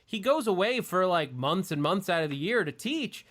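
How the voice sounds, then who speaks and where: A man with a slightly high voice hosts a podcast in loose, casual chat. He rambles, stacking fillers and restarting his sentences as he thinks aloud. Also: big pitch swings, moderate pace, a bit bright. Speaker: podcast host.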